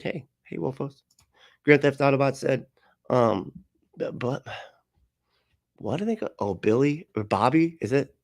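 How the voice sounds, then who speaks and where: A man chats loosely on a live stream, reading out viewer messages and puzzling over jokes he doesn't get. He laughs a lot and swears freely, at a middling pitch, recorded close and dry with no room sound. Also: darkish tone, no echo. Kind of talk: casual live-stream chat.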